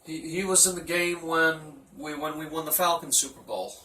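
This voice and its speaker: A man doing a comic locker-room roll call as team manager, rambling, profane and mock-gruff. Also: a little high, normal speed, pushed and bright, roomy sound, distant mic. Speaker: team manager giving a speech.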